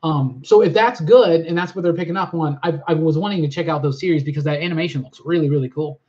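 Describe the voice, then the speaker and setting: A fairly high-voiced man chats eagerly through a live stream, piling on "um"s and "like"s as he answers viewers. He sounds excited and a bit scattered. The audio is dull and lo-fi. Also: fast. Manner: rambling, enthusiastic, lots of fillers. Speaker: live-stream host reading chat. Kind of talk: casual live-stream chat.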